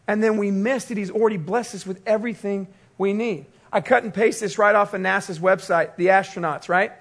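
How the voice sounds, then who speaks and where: A man pastor preaching a sermon, telling a personal story with animated storytelling and quoted voices. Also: high voice, fairly quick, vocal fry.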